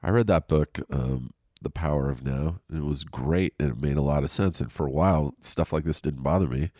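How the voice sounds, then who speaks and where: Very deep-voiced stuffy man. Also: brisk, hardly any pauses, mellow, no echo, studio quality. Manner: rambling, profane, self-deprecating. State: stuffy nose from a cold. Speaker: podcast host. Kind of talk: casual solo podcast monologue. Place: lying on his couch at home.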